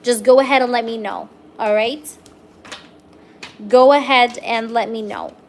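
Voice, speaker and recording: A woman's voice: on the high side, steady tone, measured pace, a little hiss or hum. A young woman giving a live-streamed tarot reading, chatty and reassuring, filling her talk with "um" and "okay?" checks. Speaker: tarot reader.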